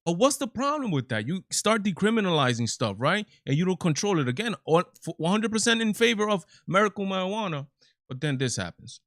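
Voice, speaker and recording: A man's voice: high voice, big pitch swings, fairly quick, fairly bright tone, no echo, studio quality. A man hosting his own live commentary stream, talking emphatically with many repeats and restarts. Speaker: show host.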